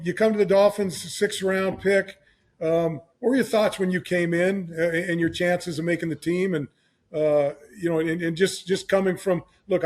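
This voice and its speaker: A male podcast host with a high voice. He circles into his questions through restarts and fillers, in a loose, chatty way. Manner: halting questions with many restarts, laughs along. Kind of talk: casual interview.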